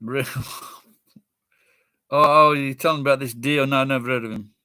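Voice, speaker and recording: A man's voice: medium pitch, fairly even intonation, normal speed, pushed and bright, smooth, no echo, clean studio sound. A middle-aged man with a Sheffield accent, rambling in casual chat with friends and swearing bluntly. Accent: Sheffield English. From Sheffield, England.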